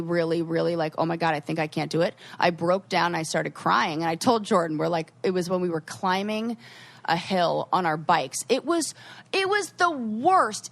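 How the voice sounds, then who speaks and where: A young woman co-hosting a podcast, telling animated stories in casual chat with quoted asides. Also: on the low side, gravelly. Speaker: podcast co-host.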